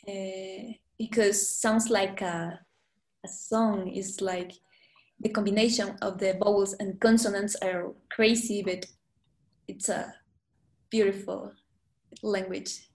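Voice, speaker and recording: A woman with a Spanish accent, a Spanish teacher speaking English as a second language as a podcast guest, halting and searching for words with many fillers. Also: medium pitch, a little mellow. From Guatemala. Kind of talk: casual interview chat. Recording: echoey room.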